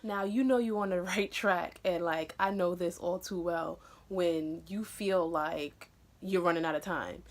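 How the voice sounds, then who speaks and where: A woman's voice: lowish voice, unhurried. Earnest young woman giving vlog pep talk. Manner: earnest and encouraging, many "um" and "you know" fillers; animated and excitable in bursts. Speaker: vlogger. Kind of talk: casual motivational vlog talk.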